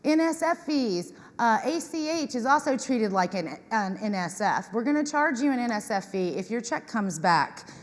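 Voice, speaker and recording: A woman giving a lively talk to an audience, acting out customers in quoted voices. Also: fairly high pitch, moderate pace, hardly any pauses. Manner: animated, acts out tenants in quoted voices. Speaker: conference speaker on property management. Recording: reverberant hall.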